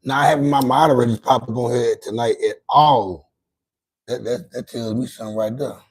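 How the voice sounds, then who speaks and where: In a low-quality recording, a man speaks at normal speed with a medium-pitched, slightly rough voice. He's an adult with grown children hosting a casual late-night livestream, and his talk is loose, rambling and profane, with lots of repeats and restarts.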